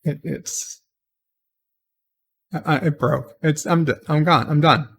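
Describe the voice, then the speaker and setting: Slow, gravelly-voiced man reviewing a show. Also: on the high side, fairly even intonation, a bit bright. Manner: exasperated, rambling, with repeated restarts. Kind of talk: casual spoken review.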